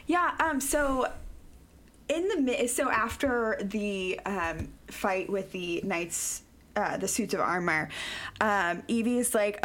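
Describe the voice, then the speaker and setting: A young woman co-hosting a podcast in a casual chat, animated and full of "like" and quick restarts. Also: medium pitch. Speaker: podcast co-host.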